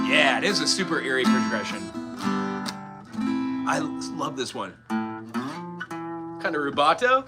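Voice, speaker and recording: A man's voice: mid-range voice, expressive, unhurried, long pauses. A man from the mainland United States teaching guitar in a live-streamed lesson, chatty and thinking aloud as he scats melodies. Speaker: music teacher. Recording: loud guitar under the voice. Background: guitar playing.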